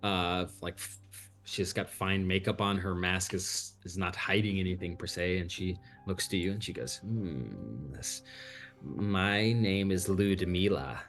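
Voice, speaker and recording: A man narrating as game master in a tabletop game, relaxed and halting, with many fillers. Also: sits low, soft background music.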